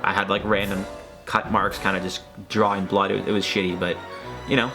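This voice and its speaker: A man's voice: sits low, little pitch movement, a little fast, over music. A man hosting a reaction video, talking in a rambling, hesitant, joking way. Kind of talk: casual commentary.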